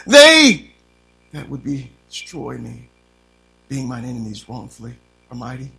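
A man preaching an impassioned sermon, reading scripture fervently and swinging from hushed tones to shouting. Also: mid-range voice, level tone, moderate pace, gravelly.

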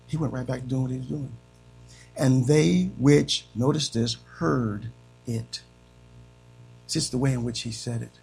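A man preaching a sermon, swinging from loud emphatic peaks to soft, hushed lines. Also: medium pitch, vocal fry, poor audio. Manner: swings between shouting and soft, dramatic delivery.

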